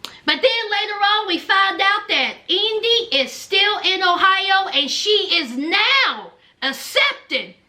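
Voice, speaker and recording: A woman's voice: very high voice, bright, forceful tone. A woman giving a sassy, chatty recap of a reality TV show. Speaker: TV recap host.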